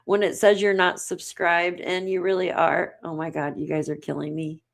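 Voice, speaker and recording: Reading comments aloud on her livestream, this woman chats casually and laughs a lot, giggly and excitable. Her voice is on the low side with vocal fry, at a normal speed.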